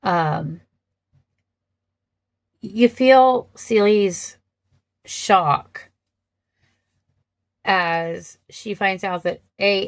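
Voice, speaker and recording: With a fairly low, gravelly voice, a film-reviewing vlogger weighs up versions of a movie in relaxed commentary. Her delivery is slow, hesitant and reflective, full of ums and restarts, on a dry recording with no echo.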